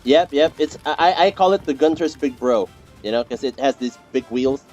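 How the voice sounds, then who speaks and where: A man's voice: medium pitch, normal speed, darkish tone, faint music behind. A young man streaming a game, chatting casually with teammates, rambling and repeating himself with lots of fillers and restarts. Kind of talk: casual gameplay chat with teammates.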